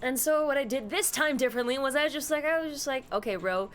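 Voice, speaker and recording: A woman's voice: high-pitched, steady tone, fast, fairly bright tone, a little hiss or hum. A woman live-streaming in a casual, rambling way, greeting her chat by name and slipping into silly voices. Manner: playful, drops into silly voices.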